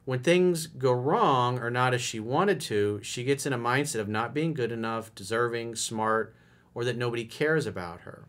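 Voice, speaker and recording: A man's voice: mid-range voice, normal speed, fairly bright tone. A man giving blunt relationship advice in a monologue, answering a listener's letter and swearing freely as he acts out lines of dialogue. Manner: blunt, direct and profane, acting out lines of dialogue.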